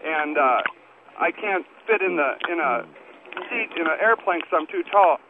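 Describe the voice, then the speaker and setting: A man's voice: on the high side, expressive, normal speed, noisy background. A man calling in to a radio show who argues insistently, heard over a tinny phone line. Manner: insistent, argumentative. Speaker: caller. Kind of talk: call-in radio chat.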